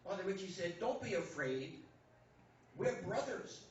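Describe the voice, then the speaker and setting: A man's voice: sits high, very animated, measured pace. A man preaching from a church stage, telling a story in short lines and acting out the characters' dialogue, paced for an interpreter. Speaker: guest speaker. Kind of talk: sermon storytelling with translation. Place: church sanctuary. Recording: echoey church hall, distant mic, dull lo-fi, faint hum.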